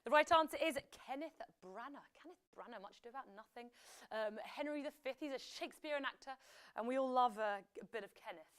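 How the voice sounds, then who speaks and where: A woman's voice: high voice, fast talker, fairly bright tone, clear, resonant tone. A young woman hosting a live quiz, chatty and jokey, with playful whispered asides. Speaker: quiz host.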